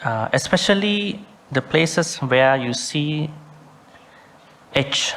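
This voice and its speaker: A man's voice: a little high, animated, takes it slowly, fairly bright tone. A man, a Buddhist monk, teaching a sutta study class, reciting Pali words with care and spelling out how each one should sound.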